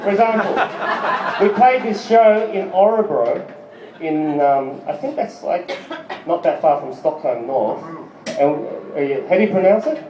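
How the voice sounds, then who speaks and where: A man's voice: a little high, lively intonation, a little slow, dark tone, slight background noise. A middle-aged man doing a rambling, profane stand-up set, laughing as he tells his stories. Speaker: stand-up comedian. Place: live music club stage. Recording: echoey dull club recording.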